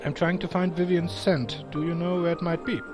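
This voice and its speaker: Gruff deadpan game hero, read by a man, low and blunt, music behind. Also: normal speed, lightly acted.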